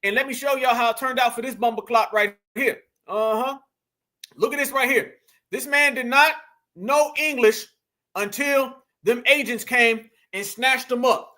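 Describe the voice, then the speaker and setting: A male stream host talks politics straight to his viewers, emphatic and full of slang. His voice sits very high and comes across bright and forceful. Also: a little slow. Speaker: online commentary host. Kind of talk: casual political commentary stream.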